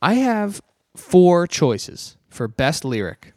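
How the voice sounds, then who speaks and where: A man's voice: sits high, very animated, slow, dry recording, clean studio sound. A man co-hosting a podcast in casual chat, joking and swearing freely. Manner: joking, swears often, crude banter. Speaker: podcast co-host. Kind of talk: casual chat, reading lyrics aloud.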